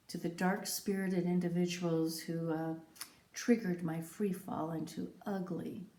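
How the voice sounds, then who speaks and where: A woman telling her own story in scripted, reflective narration, with a measured, poetic and emphatic delivery. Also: on the low side, dark tone. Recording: roomy echo.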